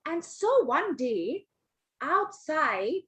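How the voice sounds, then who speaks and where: A woman telling a story to young children on a video call, animated and coaxing, asking them questions as she goes. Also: high voice, very slow. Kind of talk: online storytelling workshop.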